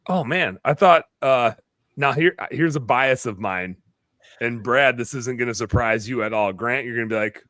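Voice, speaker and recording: A man hosting a live podcast in casual chat, rambling and excitable, dropping the odd swear word. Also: mid-range voice, normal speed, dry recording, studio quality. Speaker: podcast host.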